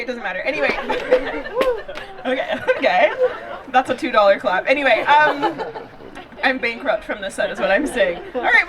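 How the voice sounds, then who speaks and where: Campy high-voiced man doing stand-up. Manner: campy, flamboyant, playful. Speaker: stand-up comedian. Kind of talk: stand-up set with crowd work. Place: outdoor backyard show. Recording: loud audience laughter. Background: crowd laughing.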